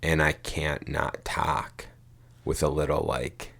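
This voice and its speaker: A man's voice: rumbling low, little pitch movement, takes it slowly, vocal fry, fairly bright tone. A man co-hosting a podcast, telling a rambling story in casual chat, swearing casually and saying "dude" and "like" a lot. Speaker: podcast co-host.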